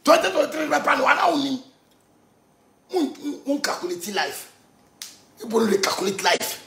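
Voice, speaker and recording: A Ghanaian man goes off on a live stream in a high, gravelly voice. He is animated, mixing pidgin with local words and bursting into shouts. The sound is roomy and echoey. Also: moderate pace. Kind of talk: heated live-stream rant.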